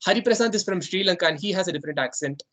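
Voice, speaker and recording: A man's voice: high voice, very fast, a bit bright. Indian English man chairing a meeting. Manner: rambling, conversational, many fillers. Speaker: club president chairing an online meeting.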